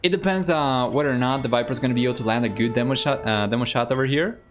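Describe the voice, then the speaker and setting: Speaking fast at a medium pitch, an Argentine game caster gives laid-back live commentary on a strategy game. Spanish is his first language, and he thinks aloud and keeps up a chat with his viewers.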